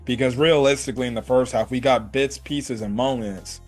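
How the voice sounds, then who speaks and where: Casual male reviewer, mid-pitched, chatty, rambling, lots of filler words, faint music underneath. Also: normal speed. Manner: rambling, full of "like" and "you know"; animated, jumps between high and low pitch. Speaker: anime reviewer.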